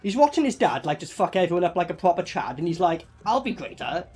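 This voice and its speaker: Man, casual movie reaction commentary, lively up-and-down pitch, excitable, swears freely. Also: fast talker, faint music behind. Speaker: movie reviewer.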